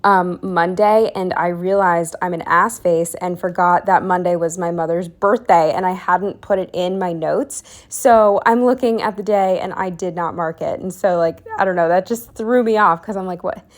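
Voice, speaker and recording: A young woman with a lowish voice narrates a planner video at a moderate pace, with fairly even intonation and few pauses. Her casual, rambling voiceover is full of fillers, restarts and self-deprecating asides, and she sounds a bit out of breath, dropping to a whisper for the asides.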